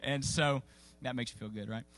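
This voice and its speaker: A man's voice: mid-range voice, steady tone, normal speed, fairly bright tone. A man preaching a sermon, telling a story in a folksy, conversational way with many fillers and restarts. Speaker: pastor. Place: church sanctuary.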